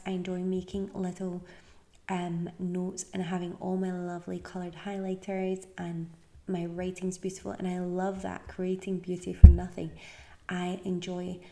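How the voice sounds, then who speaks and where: A tired woman from the UK hosting a podcast, giving casual, encouraging advice and often dropping into a soft, breathy near-whisper. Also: lowish voice, completely flat delivery, moderate pace. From United Kingdom. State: tired, yawning. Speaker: podcast host.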